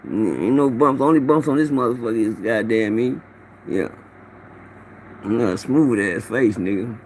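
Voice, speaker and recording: With a medium pitch and a darkish tone, a middle-aged man chats at a normal speed on a casual phone livestream. He says hello to viewers by name and tells loose, profane stories, and there is slight background noise.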